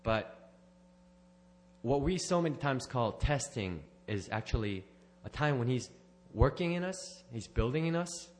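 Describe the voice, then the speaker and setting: A man's voice: medium pitch, animated, measured pace, slight background noise. A man sharing a personal testimony at church, rambling and correcting himself, with small laughs. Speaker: church member giving a testimony.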